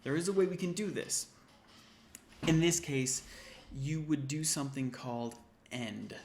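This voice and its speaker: A man's voice: medium pitch, unhurried, a little mellow, slight background noise. A man tutoring an intro programming class, casually thinking aloud and correcting himself as he types through a coding walkthrough. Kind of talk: screen-recorded coding walkthrough. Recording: typing and keyboard clicks behind.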